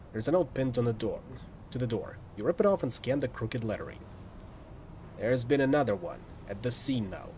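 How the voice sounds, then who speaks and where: Male streamer reading a story game aloud, lively delivery with playful asides. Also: medium pitch, a little hiss or hum. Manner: lively, lightly dramatic narration with asides. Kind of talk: reading a visual novel aloud.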